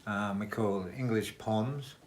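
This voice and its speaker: A low-voiced Australian man answers questions in a living room for a home video. He delivers his answers with deadpan, joking understatement, unhurried and relaxed. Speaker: interviewee. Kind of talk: casual home video interview.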